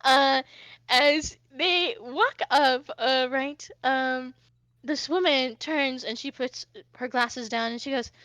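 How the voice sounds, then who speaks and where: A woman's voice: high-pitched, slow, bright, forceful tone, no echo. A woman narrating a tabletop game as game master, casual and full of fillers. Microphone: streaming mic.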